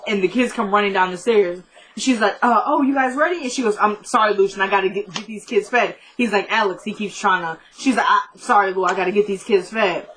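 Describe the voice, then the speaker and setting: A woman talks through a TV episode she just watched, retelling each scene by quoting the characters in a quick "he goes, she goes" rhythm. She is chatty and informal, and she breaks off now and then to talk straight to her viewers. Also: medium pitch, fairly even intonation, a bit bright, slight background noise, poor audio. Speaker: TV episode recapper. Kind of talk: casual episode recap.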